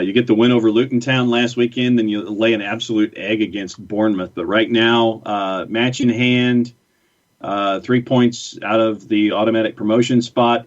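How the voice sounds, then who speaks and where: A man co-hosting a casual soccer podcast, giving measured, hedged opinions. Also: lowish voice. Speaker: podcast co-host. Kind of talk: casual sports chat. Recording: dull lo-fi remote line.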